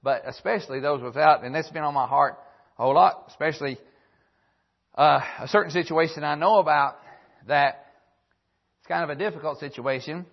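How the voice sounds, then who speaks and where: A man's voice: a little high, brisk, pauses often, dull audio. A man preaching a sermon, reading old-fashioned scripture verses aloud and circling back to repeat key phrases. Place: church broadcast on radio.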